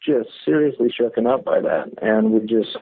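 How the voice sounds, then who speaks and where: On a tinny phone line, a male caller to a call-in show rambles through a casual story, full of fillers and restarts. His medium-pitched voice is husky with vocal fry, very animated, at a normal speed.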